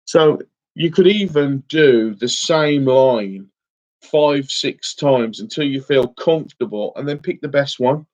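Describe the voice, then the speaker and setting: A man's voice: mid-range voice, slow pace, darkish tone. Chatty man hosting a livestream. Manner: chatty, emotional, says mate a lot. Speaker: fishing livestream host. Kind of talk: casual livestream chat reading comments. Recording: slightly dull lo-fi stream audio.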